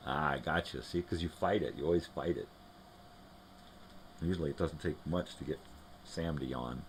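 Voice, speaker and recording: Very deep-voiced man in casual home chat. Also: moderate pace, slight background noise. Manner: loose and chatty, talks to his dogs between thoughts. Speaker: host of a live morning show. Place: at home with his dogs.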